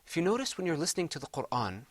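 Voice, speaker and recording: A man's voice: on the high side, big pitch swings, very fast. A middle-aged man teaching Quran recitation in a televised lesson, patiently explaining step by step and chanting Arabic examples.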